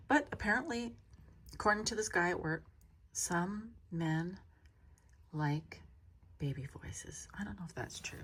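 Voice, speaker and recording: A woman's voice: lowish voice, slight background noise. A middle-aged woman vlogging for her cat channel, chatting to her cat in a rambling, opinionated way full of wandering asides.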